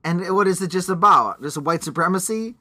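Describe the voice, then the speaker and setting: A man's voice: high-pitched, expressive, a little fast, sharp tone. A man co-hosting a podcast in casual chat, sarcastic, swearing and riffing on jokes. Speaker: podcast co-host.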